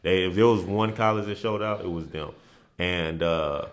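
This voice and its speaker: Very deep-voiced man telling stories. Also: moderate pace. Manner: relaxed, with frequent restarts and repeated phrases. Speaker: interview guest, former basketball player. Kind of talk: casual storytelling in a podcast interview.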